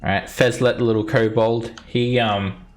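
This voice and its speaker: A man's voice: medium pitch, level tone, moderate pace, faint music behind. A man running a tabletop game as dungeon master, narrating easily with chuckles and fillers.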